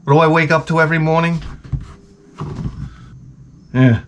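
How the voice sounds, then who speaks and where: A man's voice: on the high side, moderate pace, slight background noise. A hungover man hosting a video, telling rambling comic stories full of swearing and sound effects. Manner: profane, animated storytelling with sound effects. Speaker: video host.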